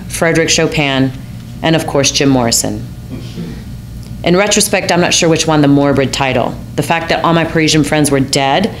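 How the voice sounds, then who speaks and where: A woman's voice: sits low, a little hiss or hum. An American woman telling a personal story in a wry, self-mocking, theatrical manner. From United States.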